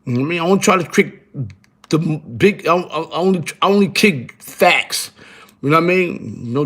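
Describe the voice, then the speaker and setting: A man's voice: on the high side, a bit bright. A middle-aged man talking casually on a live stream, rambling and repeating himself in profane street slang. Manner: rambling, repetitive, streetwise slang, frequent "you heard?"; profane and emphatic. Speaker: guest on a live show.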